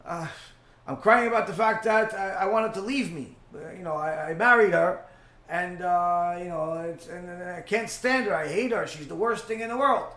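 A desperate young man pleads over and over, his voice pitched up and pushing louder, as a man tells it in a lesson. The sound rings a little off the walls of an echoey room. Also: moderate pace, lightly acted. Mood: distraught pleading. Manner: pleading, repeating himself.

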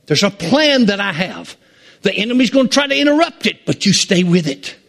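A man's voice: sits high, very animated, a little fast, vocal fry, fairly bright tone. A man preaching a sermon as pastor, drawing out emphatic phrases with sweeping swings in his voice.

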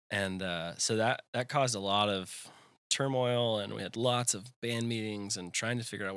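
A man's voice: on the low side, normal speed, a bit bright, no room sound, studio quality. A young man in his twenties telling a personal faith story in conversation, rambling with lots of fillers. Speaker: guest.

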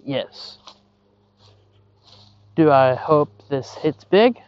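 Out in a yard, sweating and panting, this man hosts his podcast in a loose, apologetic ramble without his regular headset. He speaks a little high and extremely slowly, with expressive delivery and a darkish tone, and the sound is lo-fi.

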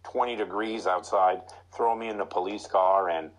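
A middle-aged man, a former pro hockey player, telling casual stories about his rookie days in an animated way. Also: moderate pace, a crowd in the background, poor audio. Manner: animated anecdotes, high put-on voices for quoted lines. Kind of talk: casual storytelling.

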